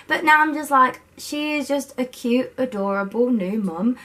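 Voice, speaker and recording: Young woman, slightly high voice, excitable book-vlog chatter to camera. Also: normal speed, few pauses, slight background noise. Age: young adult. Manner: bubbly and overexcited. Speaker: book vlogger. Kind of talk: casual chat to camera. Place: student bedroom at her university home. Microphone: camera set up by herself.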